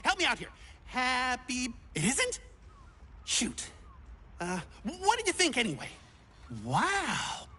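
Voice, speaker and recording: A performer voicing an eager, hapless young would-be adventurer in a video game, excitable and clumsy, fumbling for words. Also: high-pitched, takes it slowly, pauses often, exaggerated voice. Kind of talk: video game character dialogue.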